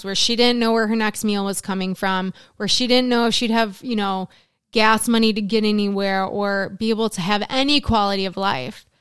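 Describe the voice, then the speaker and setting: A woman's voice: medium pitch, clear, resonant tone, no room sound, studio quality. A middle-aged woman in casual conversation, talking earnestly about the mothers she works with, often in long spoken lists. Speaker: guest, works with mothers in recovery.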